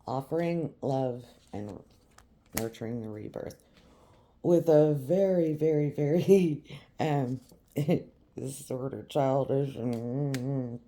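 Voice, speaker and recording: A tarot reader speaks slowly and deliberately, with a very dark, mellow tone. The delivery is emphatic and repetitive, always addressed straight to the listener. The reading keeps circling back to the same points. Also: medium pitch.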